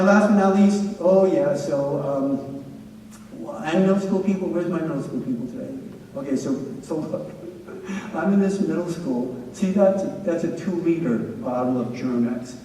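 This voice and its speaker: A man lectures with lively anecdotes, acting out quotes as he goes. His voice sits somewhat high with a soft, mellow tone. He is picked up from far off in a large hall with heavy echo and faint room noise. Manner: energetic, animated storyteller who acts out quotes. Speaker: presenter at a staff training. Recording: echoey hall, distant mic.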